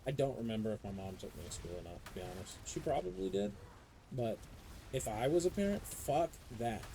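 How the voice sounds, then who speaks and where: Young adult man, game streamer, casual profane rant, mellow tone, faint background hiss. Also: on the low side, fairly quick, creaky, rough recording. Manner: profane, animated ranting storyteller. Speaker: live streamer. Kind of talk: casual chat while gaming.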